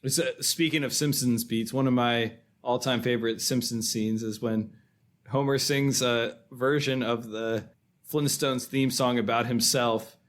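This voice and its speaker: A man co-hosts a film podcast in a relaxed, chatty way, walking through favorite scenes and chuckling as he goes. His voice sits in an ordinary middle pitch. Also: unhurried. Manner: conversational, chuckles while recounting scenes. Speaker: podcast co-host. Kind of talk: casual film discussion.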